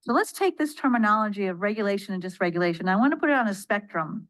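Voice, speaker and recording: A woman's voice: mid-range voice, expressive, quick pace, poor audio. A woman giving a spoken training lecture to educators, asking the audience questions and answering them herself, and acting out quoted speech. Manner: acts out quoted speech in changing voices. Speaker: trainer leading an accredited course for educators.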